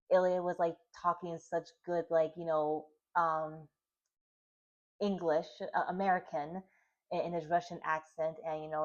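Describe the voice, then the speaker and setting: A woman's voice: lowish voice, a little mellow, dull audio. A woman casually recapping a series for her video channel, rambling and filling with "like" and "you know". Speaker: reaction vlogger.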